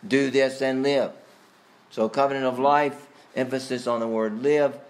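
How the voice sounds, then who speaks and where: A man teaching a catechism class, questioning students by name and pausing with frequent fillers. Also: medium pitch, steady tone. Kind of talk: Bible study teaching.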